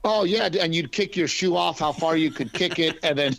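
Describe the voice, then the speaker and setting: Male comic guest, quick joking delivery, upper voice, dry studio feel. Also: fairly high pitch, creaky, a bit bright, no room sound. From Texas. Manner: quick, joking, restarts often. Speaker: stand-up comedian, guest. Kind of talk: casual interview chat.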